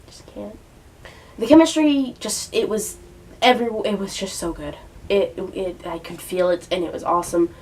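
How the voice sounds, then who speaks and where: A woman's voice: mid-range voice, moderate pace, a little mellow, recorded from a distance, a little hiss or hum, rough recording. A young woman reviewing a movie in a casual vlog, ranting and swearing in exasperation.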